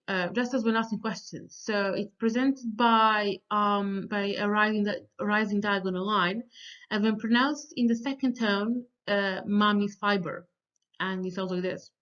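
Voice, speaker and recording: A woman's voice: medium pitch, fairly even intonation, a little slow, fairly bright tone. A woman teaching a recorded lecture, explaining step by step with frequent ums and restarts and drawing out sample syllables. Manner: sings out sample syllables with exaggerated tones. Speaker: language teacher. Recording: slightly dull, lo-fi audio.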